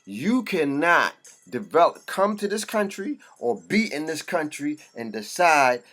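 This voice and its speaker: A man's voice: on the high side, sing-song, measured pace, a bit bright, soft background music. A man delivering an impassioned, profane monologue. He talks bluntly and preaches in short bursts.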